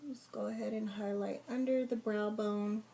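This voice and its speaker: A young woman talks through a makeup routine step by step, casual and chatty. Her pitch sits in a middle range, and a faint hiss runs under the recording. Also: steady tone, moderate pace, gravelly, mellow. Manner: chatty, step-by-step instructions with fillers. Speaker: makeup vlogger.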